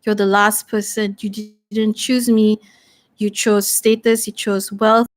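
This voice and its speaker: A woman's voice: medium pitch, level tone, a little slow, no room sound, natural voice. A woman voicing a furious, grieving young woman who accuses her lover of choosing status and wealth over her. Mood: bitter. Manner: accusing, bitter.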